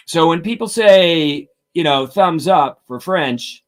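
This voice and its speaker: A man's voice: a little high, animated, takes it slowly. A middle-aged man explains drum technique during a live-stream lesson. He talks things through carefully and counts out sticking patterns aloud in rhythm. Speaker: drum teacher and author.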